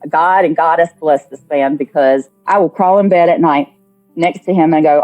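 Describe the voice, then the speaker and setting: A woman caller in a casual call-in chat, blunt and profane, telling stories with animated energy. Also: sits low, moderate pace, lo-fi sound, soft background music.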